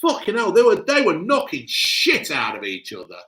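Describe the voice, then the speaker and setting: A man's voice: high-pitched, huge pitch swings, normal speed, bright, forceful tone. A man hosting a live stream, swearing a lot and ranting bluntly in casual chat. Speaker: livestream host.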